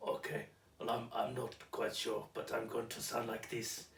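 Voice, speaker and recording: A man's voice: mid-range voice, level tone, moderate pace, creaky, a bit bright, reverberant, distant mic, a little hiss or hum. A man voicing his clumsy, hesitant male orc character in a mock-dopey tone. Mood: unsure goofy.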